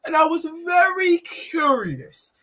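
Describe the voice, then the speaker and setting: Impression bit: male performer as a giddy woman vegan activist, shrill and stretched-out. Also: sing-song, slow pace, sharp tone, heavily acted, low-quality recording. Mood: gushing. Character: fellow woman vegan activist, gushing and excitable.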